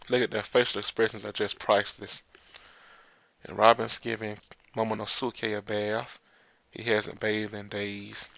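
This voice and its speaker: A man's voice: on the low side, level tone, a little slow, gravelly, a bit bright, dry recording. A man casually recapping a comic chapter, rambling with loose filler words and frequent laughs. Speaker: manga chapter reviewer.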